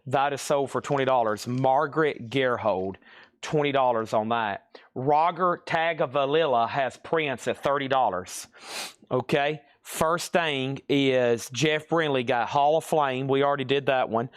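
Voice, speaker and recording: A man hosting a live online record sale at a middle pitch, rattling off items and prices in a brisk, businesslike way. He checks in with the viewers now and then. His voice is close and dry, with no room sound. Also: clear, resonant tone, no room sound.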